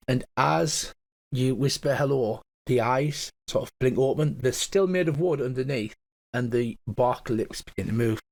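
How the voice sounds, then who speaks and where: A man running a tabletop game as game master, describing scenes casually. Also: medium pitch. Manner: casual, descriptive, swears now and then.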